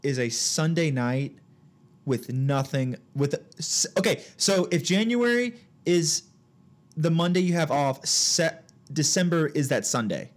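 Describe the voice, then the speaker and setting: A man's voice: fairly high pitch, lively intonation, measured pace. A young man co-hosting a podcast in casual chat, trailing off and restarting mid-thought. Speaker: podcast co-host.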